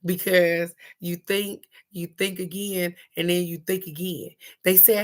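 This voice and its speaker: A woman's voice: lowish voice, little pitch movement, unhurried, few pauses. A woman doing a casual live-stream card reading, chatty and affectionate, laughing often and calling out to viewers by name.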